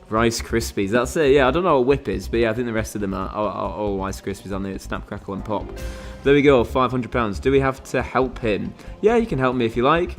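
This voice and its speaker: A man's voice: medium pitch, lively intonation, fairly quick, few pauses, faint music behind. A man hosting a quiz game on a live stream, chatting casually and rambling with lots of fillers and restarts.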